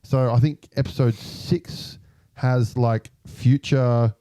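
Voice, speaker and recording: Man co-host with a very dark, mellow tone, easygoing and chatty, dry sound. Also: mid-range voice, slow, no room sound. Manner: relaxed, chatty, shares details and theories. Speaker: podcast co-host. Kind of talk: casual chat.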